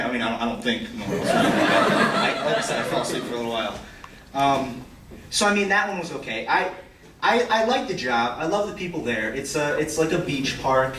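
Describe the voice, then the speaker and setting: A man's voice: fairly bright tone, a little hiss or hum. Teen boy rambling through stand-up in a hall. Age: teens. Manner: rambling, self-deprecating, stammering restarts, high squeaky quoted voices. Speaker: student stand-up comic. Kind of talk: stand-up storytelling. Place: school auditorium stage. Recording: echoey hall, from far off. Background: audience laughter.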